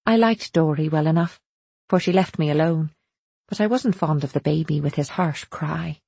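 A woman narrates a first-person story for an audiobook in a steady, measured reading. Her voice is lowish, dark and husky. The recording is dry and close. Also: dry recording.

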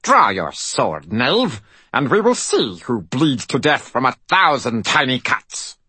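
A man voicing a tiny, hot-tempered male fairy warrior who speaks in a shrill, theatrical, haughty way. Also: big pitch swings, unhurried, sharp tone, breathy edge, dry recording, heavily acted. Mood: defiant. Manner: haughty, declamatory.

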